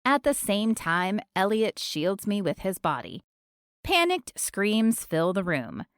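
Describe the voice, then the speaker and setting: A woman narrating a romance audiobook in the first person, expressive and storytelling. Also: mid-range voice, slow pace, clean tone, no room sound, studio quality.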